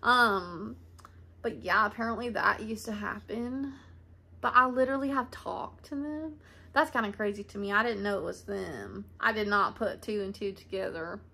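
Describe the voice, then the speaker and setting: A woman's voice: medium pitch, moderate pace, creaky, bright, forceful tone. A woman in her twenties telling a rambling family story to camera, chatty and laughing often. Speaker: vlogger. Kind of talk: casual storytime monologue. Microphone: camera mic.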